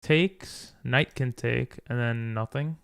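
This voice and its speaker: A man's voice: mid-range voice, slow pace, creaky, a bit bright, clear, resonant tone. A tired, frustrated man commentating his own chess game, thinking aloud and talking to viewers. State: tired from little sleep. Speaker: chess streamer.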